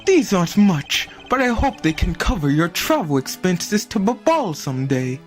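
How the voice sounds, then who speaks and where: A woman's voice: fairly low pitch, very animated, moderate pace, a little mellow, soft background music. A woman voicing a meek, apologetic male ambassador in a game, speaking formally and sing-song.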